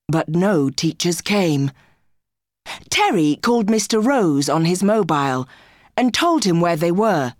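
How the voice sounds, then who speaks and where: A woman narrating a graded-reader storybook in a clear, careful way. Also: on the low side, very animated, measured pace, no room sound, clean studio sound.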